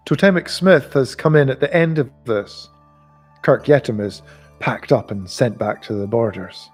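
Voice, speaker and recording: A man reading a novel aloud in a live reading, expressive and giving the characters voices. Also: mid-range voice, moderate pace, soft background music. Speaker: audiobook reader.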